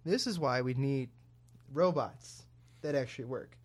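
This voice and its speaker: A man's voice: mid-range voice, unhurried, breathy edge. A young man co-hosting a casual talk show, telling a story and acting out both sides of a phone call. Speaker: podcast co-host.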